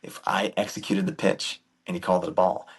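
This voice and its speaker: A man who coaches youth baseball, talking as a guest in a casual, animated storytelling way. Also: low-pitched, brisk, creaky, slightly rough.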